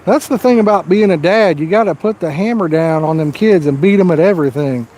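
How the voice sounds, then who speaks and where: A man with a Southern US accent chats through a casual fishing livestream, cracking corny one-liners in a folksy drawl. His voice sits fairly high for a man. A faint outdoor hum runs behind him. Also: a little fast, a little mellow. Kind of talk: casual live-stream chat. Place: outdoors by the water.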